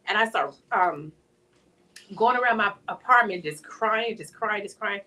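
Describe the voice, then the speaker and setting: A woman's voice: mid-range voice, moderate pace, distant mic. A woman, sharing an emotional personal faith story in an interview as an author guest. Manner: emotional testimony, animated storytelling. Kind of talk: conversational interview.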